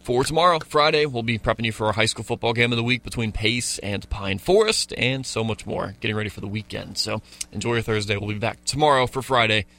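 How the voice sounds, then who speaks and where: A man co-hosting a morning sports radio show, wrapping up with a brisk sign-off in casual chat. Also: medium pitch, bright, forceful tone.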